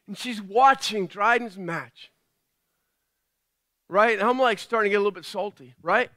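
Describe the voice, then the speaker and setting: A man's voice: high-pitched, moderate pace, pushed and bright, dry recording, clean studio sound. A man preaching a sermon as pastor, telling stories with self-deprecating humor and chatty asides to the congregation. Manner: conversational, with frequent asides to the congregation.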